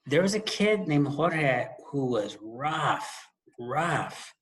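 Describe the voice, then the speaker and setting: A man co-hosting a podcast, telling a school story in a casual chat, with quick asides and laughing at himself. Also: fairly high pitch, big pitch swings, fairly bright tone. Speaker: podcast co-host and former school administrator.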